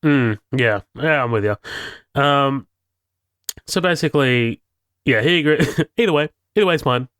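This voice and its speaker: A man's voice: medium pitch, animated, normal speed, long pauses, fairly bright tone, clean tone, dry recording. A man recaps a comedy film's scenes with eager, profane enthusiasm and frequent laughter. His voice is close-miked and dry, with no room sound. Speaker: podcast co-host. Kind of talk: casual movie discussion.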